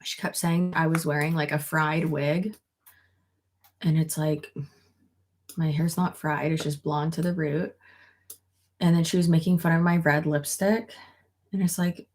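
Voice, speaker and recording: A woman's voice: low voice, fairly even intonation, a little slow, pauses often, darkish tone, a little hiss or hum. A young woman chatting casually on a livestream, reading out viewer comments and swearing freely. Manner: chatty, swears freely, talks to her dog. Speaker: YouTuber on a livestream.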